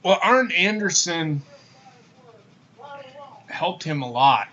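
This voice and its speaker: Lively laid-back man on a lo-fi podcast. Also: fairly high pitch, slow pace. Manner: laid-back, profane, laughs often. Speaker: podcast co-host. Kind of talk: casual wrestling rewatch chat. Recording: dull lo-fi podcast audio.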